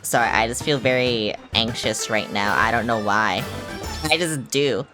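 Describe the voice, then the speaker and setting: A young woman with a notably low, dark-toned voice streams a video game. She rambles casually, swears freely and reacts with dramatic exclamations. Game music plays clearly under her voice. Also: unhurried. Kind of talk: casual gaming livestream chat. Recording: music playing over the voice.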